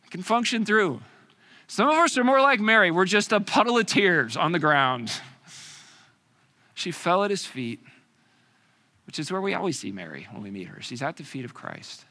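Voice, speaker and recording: A man preaching a sermon, with dramatic pauses and rhetorical questions, swinging from loud emphasis to hushed near-whispers. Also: high-pitched, big pitch swings.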